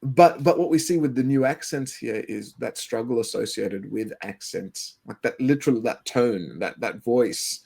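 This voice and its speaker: Male co-host, Western Sydney Australian accent, gravelly low-toned voice, loose and rambling. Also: moderate pace, few pauses, a little mellow. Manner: rambling, many fillers and restarts. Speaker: English teacher, podcast co-host. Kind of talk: casual educational podcast chat.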